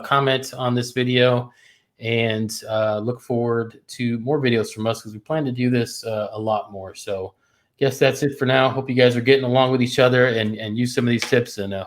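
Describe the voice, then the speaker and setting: A man co-hosting a casual livestream with his wife, playful and quick to laugh, with casual swearing. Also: mid-range voice, steady tone. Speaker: co-host. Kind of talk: casual couple's livestream talk.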